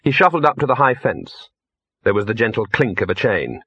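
A husky male narrator reading an audiobook in a measured, dry storytelling manner. His voice is mid-pitched, and the recording is close and dry with a slightly dull tone. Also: big pitch swings, dry recording.

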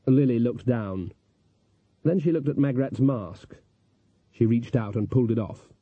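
An audiobook narrator, a man, reads scripted narration of a story in an even, measured storytelling voice. His voice is mid-range with no echo, and the recording is dull, dry, and lo-fi.

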